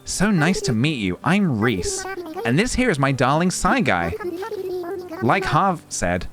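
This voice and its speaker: A man voicing a sweet, doting female alpaca shopkeeper from a video game in a slow, gentle read. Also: a little high, wildly swooping pitch, full character voice. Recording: game music behind voice.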